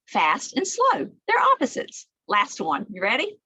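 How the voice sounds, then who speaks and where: A woman librarian leading a children's storytime, reading aloud with big animated swings between soft whispers and high calls. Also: measured pace, slightly rough, no room sound.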